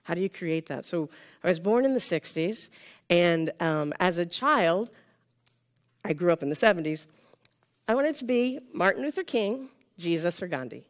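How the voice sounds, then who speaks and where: Speaking with a fairly low pitch, lively intonation and a moderate pace, this keynote speaker addresses a live audience in a conference room. She's in her fifties, hails from Sonoma County, California, and talks conversationally, frequently tossing "right?" to the crowd.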